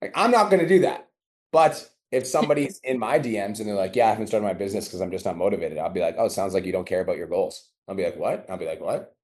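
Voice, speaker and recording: Fast-talking blunt man coaching. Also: sits low. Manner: blunt, profane, acts out dialogue. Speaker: business coach. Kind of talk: coaching call.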